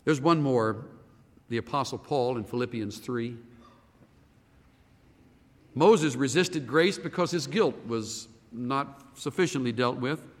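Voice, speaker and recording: A man preaching a sermon as a pastor, animated and firing rhetorical questions at the congregation. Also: medium pitch, takes it slowly, pauses often. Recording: reverberant hall.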